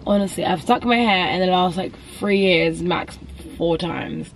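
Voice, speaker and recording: A woman's voice: lowish voice, unhurried. A young woman vlogging in a rambling, chatty way, talking herself through her day. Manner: rambling, chatty, self-talk. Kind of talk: casual vlog chat. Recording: noisy background.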